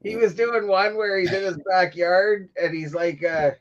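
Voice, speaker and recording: A man's voice: high voice, fairly even intonation, normal speed. A man hosting a casual chat show, telling rambling stories and breaking into laughter often. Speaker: podcast host. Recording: dull lo-fi livestream audio.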